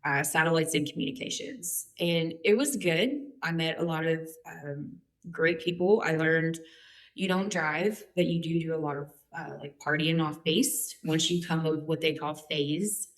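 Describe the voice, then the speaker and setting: Woman in her forties, low-ish voice, chatty, joking, fillers, candid story. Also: a little slow. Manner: chatty and humorous, many fillers. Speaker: guest.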